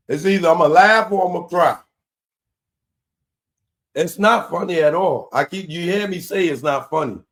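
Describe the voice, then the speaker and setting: A man, hosting a live commentary show in a casual, animated way that keeps repeating his points. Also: on the high side. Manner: animated, laughing, repeats himself.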